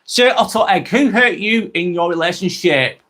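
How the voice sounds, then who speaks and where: A man in his thirties with a broad, strong talks casually on a live stream, reading out viewer comments. He is blunt and chatty, swears freely and repeats his phrases. His voice sits a little higher than most men's. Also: lively intonation, normal speed, pushed and bright.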